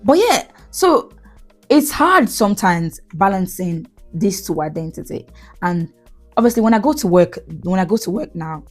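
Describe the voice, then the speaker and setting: Nigerian woman telling lively stories. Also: medium pitch, moderate pace, faint music behind. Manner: animated, laughing, slips into pidgin. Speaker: podcast host. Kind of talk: casual storytelling monologue.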